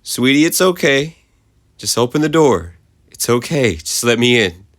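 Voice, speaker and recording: A man's voice: mid-range voice, expressive, measured pace, fairly bright tone, voice pushed up. A man voicing a desperate mother pleading through a locked door in a horror story, coaxing and tearful. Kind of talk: creepypasta narration.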